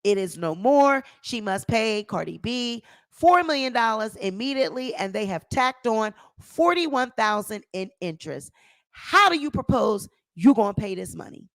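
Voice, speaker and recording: Woman host, high voice, emphatic celebrity gossip commentary. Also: animated, normal speed, a bit bright, no room sound. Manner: emphatic, repeats phrases for effect. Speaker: channel host.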